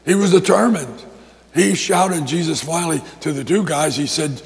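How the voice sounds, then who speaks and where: Gravelly-voiced male pastor preaching. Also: on the high side, normal speed, long reverb tail. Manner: animated storytelling with repetitions and restarts. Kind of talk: sermon.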